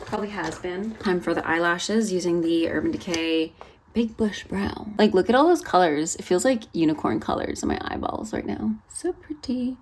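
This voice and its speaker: A young woman chatting casually through a makeup vlog while sitting on the floor at home, gushing and easily excited. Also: lowish voice, normal speed, slight background noise. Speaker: vlogger and ballet teacher.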